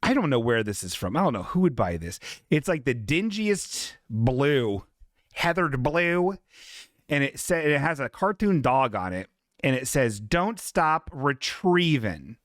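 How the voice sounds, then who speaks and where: A man's voice: medium pitch, big pitch swings, unhurried, no echo, studio quality. A man hosting a live podcast, reading out chat messages in a loose, jokey way, swearing freely and slipping into silly voices for the people he quotes. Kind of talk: casual live-stream chat.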